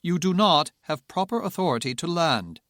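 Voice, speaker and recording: A man's voice: a little high, sing-song, normal speed, fairly bright tone, no echo, clean studio sound, pitched above the performer's own voice. A man voicing an agitated male air tower controller with a British accent, barking officious commands.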